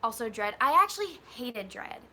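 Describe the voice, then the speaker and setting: Woman, very bright sharp tone, blunt, opinionated, casual co-host. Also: fairly high pitch, very animated, normal speed, slight background noise. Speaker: podcast co-host. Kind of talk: casual live-stream chat.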